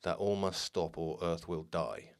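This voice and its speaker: A man reading out the clipped, broken replies of a male spirit speaking through a ouija board, in a low, quiet delivery. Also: unhurried, creaky. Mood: cryptic.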